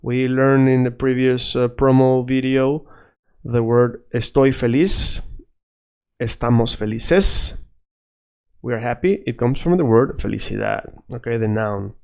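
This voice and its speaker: A man teaching a casual video lesson, animated and drilling words by repetition. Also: mid-range voice, unhurried, gravelly, clear, resonant tone. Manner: animated, switches between English and Spanish, repeats words for drill. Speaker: Spanish teacher.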